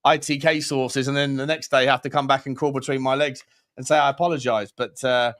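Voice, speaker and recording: A man's voice: medium pitch, fairly even intonation, fairly quick, fairly bright tone. A man hosting a casual fan chat show, blunt and opinionated, often stammering and restarting. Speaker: podcast host.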